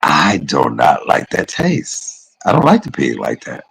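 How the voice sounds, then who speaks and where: Very deep gravelly man chatting. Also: huge pitch swings, measured pace, fairly bright tone, poor audio. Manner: rambling, chatty, calls viewers y'all and baby. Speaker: live streamer. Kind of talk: casual livestream chat.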